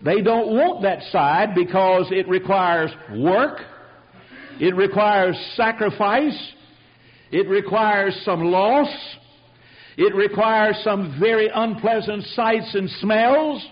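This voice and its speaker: A man's voice: high-pitched, slow, dull audio. A man preaching a sermon to a congregation, telling a personal story with emphatic delivery.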